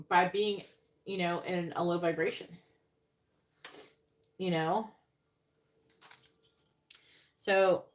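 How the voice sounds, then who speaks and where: A woman's voice: fairly low pitch, a bit bright. A woman in her forties giving a casual live-stream tarot reading, rambling and chatty, swearing freely as she talks. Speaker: psychic tarot reader.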